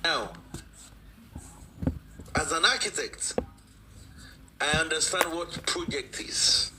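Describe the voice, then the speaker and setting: A man's voice: fairly high pitch, takes it slowly, noisy background. A man, speaking as a guest in a live-stream discussion, emphatic and repeating phrases for stress.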